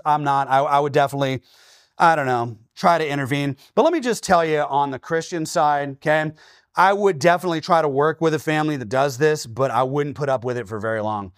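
Man preaching, forties, higher-pitched voice, dry close sound, lively storytelling. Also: a little fast, no echo. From Washington state, USA. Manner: animated storytelling, acting out his own quoted lines; checks in with "okay?" often. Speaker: pastor. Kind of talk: sermon.

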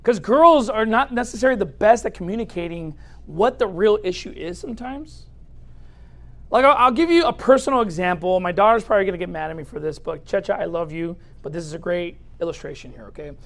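A man preaching a humorous sermon as a pastor in a church, speaking straight to the audience in a lively, joking way. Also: high-pitched, fairly quick.

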